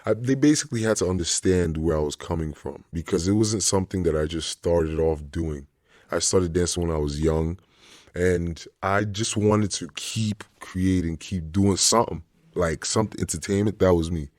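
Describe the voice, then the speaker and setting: A man's voice: sits low, normal speed, a little mellow, dry recording, clean studio sound. A young man, a DJ, telling stories in a laid-back casual chat full of slang. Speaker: DJ guest.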